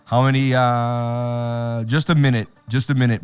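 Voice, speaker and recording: A man hosting a crypto trading livestream, talking in an excitable hype-man way with repeated catchphrases. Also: medium pitch, a little slow, pauses often, smooth, soft background music. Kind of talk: hyped livestream chat.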